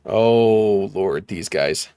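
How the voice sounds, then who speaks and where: Slow-talking swearing man streamer. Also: fairly low pitch, warm tone, no echo. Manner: swears freely, laughs in disbelief. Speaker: gaming streamer. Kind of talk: casual streaming chat.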